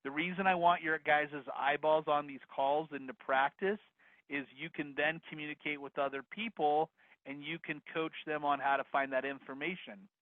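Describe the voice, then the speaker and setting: A man teaching a live online real estate course, energetic and upbeat, talking straight to the attendees. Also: fairly high pitch, normal speed, no room sound. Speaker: real estate investing instructor. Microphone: video call. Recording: dry phone-like video call audio.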